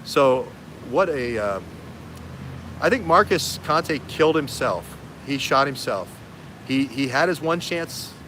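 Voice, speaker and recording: A man hosting a livestream as an investigative journalist. He has a bright, forceful voice and talks in an animated way, jumping from thread to thread. There is a faint hiss under the voice. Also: mid-range voice, slow. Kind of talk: livestream talk.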